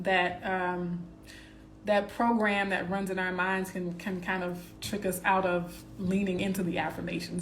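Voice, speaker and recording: A woman slowly reading affirmations with pauses between phrases, then chatting casually with livestream viewers. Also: medium pitch, a bit bright, a little hiss or hum. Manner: slow, deliberate, pausing between phrases.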